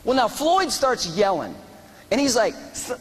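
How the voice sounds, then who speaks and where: Animated man telling a war story. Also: very high voice, a little slow, husky, long reverb tail. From United States. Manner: animated, acts out dialogue. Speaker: guest speaker, former soldier. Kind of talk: storytelling speech. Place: large hall at a fundraiser.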